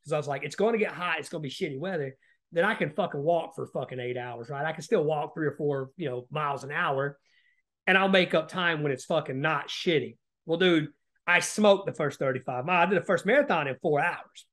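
A man's voice: on the high side, brisk, fairly bright tone. A man, a podcast guest, telling rambling stories in casual talk, swearing heavily and tagging sentences with "right?". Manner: heavy swearing, frequent "right?" tag questions; rambling with restarts. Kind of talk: casual storytelling.

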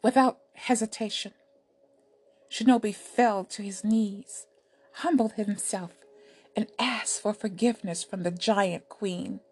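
Soft, breathy woman telling a story. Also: mid-range voice, steady tone, takes it slowly. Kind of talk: storybook narration.

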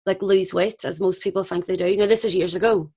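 A woman's voice: fairly low pitch, fairly even intonation, fairly quick, a little mellow, slightly rough. A woman with a Northern Irish accent, a guest sharing candid anecdotes in a casual chat. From Northern Ireland. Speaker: actress guest.

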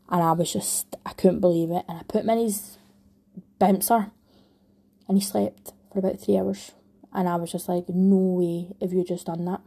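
Candid Scottish young woman, husky voice. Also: on the low side, mellow. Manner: rambling, heartfelt, frequent restarts. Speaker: vlogger, new mum. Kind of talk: candid personal storytelling.

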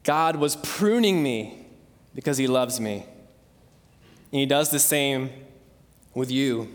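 A man's voice: medium pitch, lively intonation, slow pace, in a large hall. A young man in his twenties preaching a sermon, earnest and conversational, telling a personal story. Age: 20s. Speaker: pastor.

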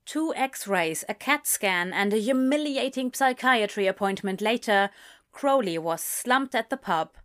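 A woman reads a story aloud in a calm, measured way. Her pace is slow and deliberate, and her voice sits in a middle range. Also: mid-range voice. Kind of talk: audiobook-style story narration.

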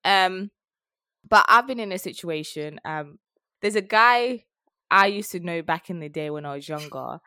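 A young woman, telling a story in a frank, animated way while chatting as a podcast co-host. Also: fairly low pitch, moderate pace, clear, resonant tone, no echo, clean studio sound. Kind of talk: casual chat.

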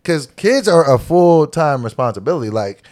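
A man in his thirties co-hosting a casual podcast, telling stories with lively quoted voices and laughter. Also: moderate pace. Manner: animated storytelling, laughing, voice jumps high for quotes. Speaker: podcast co-host. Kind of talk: casual chat.

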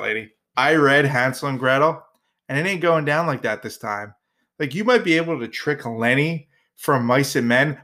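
A man's voice: medium pitch, fairly bright tone. A man hosting his own podcast, talking alone in a jokey, rambling way with playful asides. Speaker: podcast host. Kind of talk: casual solo podcast monologue.

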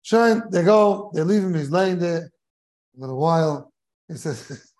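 A man's voice: on the high side, animated, unhurried, darkish tone. A man who is a rabbi giving a Torah class in a study hall, telling a humorous story and chuckling as he goes, mixing Hebrew and Yiddish terms into his English.

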